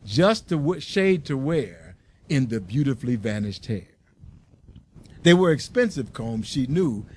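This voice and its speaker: Man reading a story, then preaching. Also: on the high side. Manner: slow, deliberate emphasis on words.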